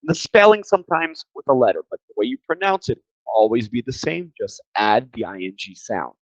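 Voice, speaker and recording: A man's voice: medium pitch, big pitch swings, fairly quick, no room sound. Tired chatty male English teacher. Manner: chatty, repeats words while thinking. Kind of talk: casual grammar lesson. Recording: slightly dull lo-fi sound.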